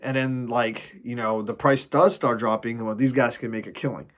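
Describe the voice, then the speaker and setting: A man casually explaining stock shorting, animated, swearing freely and acting out panicked traders. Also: mid-range voice, moderate pace. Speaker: investing video host.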